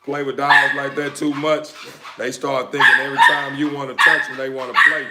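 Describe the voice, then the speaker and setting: A man's voice: mid-range voice, level tone, brisk. A man casually chatting on a live stream while he handles his dogs, speaking in a laid-back drawl, repeating phrases and now and then hollering sharply at them. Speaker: dog breeder. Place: indoors with dogs around. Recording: echoey room with faint noise.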